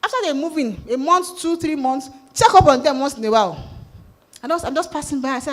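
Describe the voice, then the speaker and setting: A woman with a Nigerian accent giving a sales talk at a conference, lively and asking the audience questions. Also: sits high, a little fast. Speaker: conference speaker. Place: conference hall.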